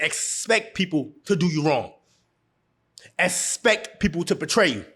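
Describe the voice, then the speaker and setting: A man's voice: high voice, pushed and bright. A man giving blunt relationship advice straight to camera, laughing often and hammering home his points by repeating them. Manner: repeats phrases for emphasis. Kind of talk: casual advice monologue to camera.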